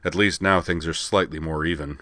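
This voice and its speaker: Big warrior-scholar alien, amiable and formal, deep, read by a man. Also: steady tone, brisk, bright, forceful tone, dry recording. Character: huge hulking alien professor, courteous warrior.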